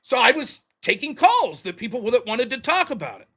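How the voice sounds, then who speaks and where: A man's voice: extremely high pitch, big pitch swings, fairly quick, a bit bright. A man hosting a livestream, talking in a heated, sarcastic and profane way. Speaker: livestream host. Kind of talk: livestream commentary rant.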